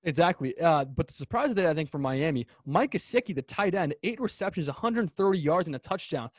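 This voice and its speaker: A man co-hosting a sports podcast, ranting fast and animatedly about football in casual chat. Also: fairly high pitch, expressive, no echo. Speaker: podcast co-host.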